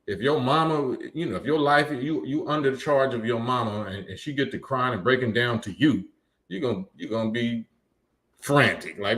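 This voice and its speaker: A man's voice: medium pitch, moderate pace, a bit bright. A man hosting a live stream, reading chat comments and lecturing emphatically, often repeating his points. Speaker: livestream host.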